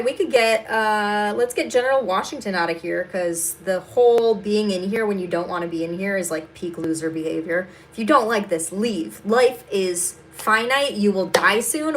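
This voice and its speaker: A woman's voice: mid-range voice, a bit bright, a little hiss or hum. A young adult woman comedian hosting a casual livestream, answering viewers bluntly and sarcastically, with plenty of swearing, while she does her makeup.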